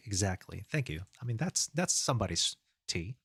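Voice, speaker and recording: Man, game-dev streamer, lowish voice, dry close sound, relaxed rambling think-aloud delivery. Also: a little slow, long pauses, breathy edge, dry recording. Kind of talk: casual live-coding stream.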